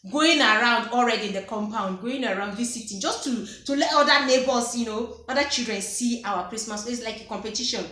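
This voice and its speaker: Bright, animated Nigerian woman storyteller. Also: fairly high pitch, a little fast, few pauses. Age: 30s. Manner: animated, laughs often, teasing. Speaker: vlogger. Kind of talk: unscripted personal storytelling. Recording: echoey room.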